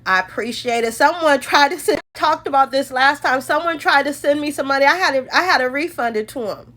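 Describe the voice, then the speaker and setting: A woman's voice: sits high, fairly quick, bright, forceful tone. A woman hosting a phone livestream, talking heartfelt and emotional about her faith, calling her viewers y'all. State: tearful at times. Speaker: livestream host.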